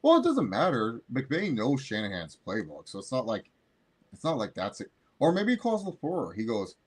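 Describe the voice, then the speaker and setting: A man's voice: medium pitch, wildly swooping pitch, moderate pace, slightly rough. A man co-hosting a sports podcast in casual chat, joking and swearing a lot while acting out coaches' phone calls.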